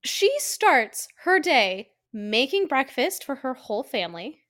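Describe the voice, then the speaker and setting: A woman co-hosting a podcast in casual chat, animated and swearing, acting out quotes from scenes. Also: sits high, a little slow. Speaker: podcast co-host.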